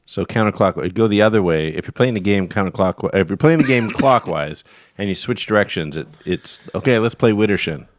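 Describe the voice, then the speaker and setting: A man's voice: fairly low pitch, fairly quick, no room sound, clean studio sound. A man co-hosting a casual podcast, playfully and confidently making up mock definitions. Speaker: podcast co-host.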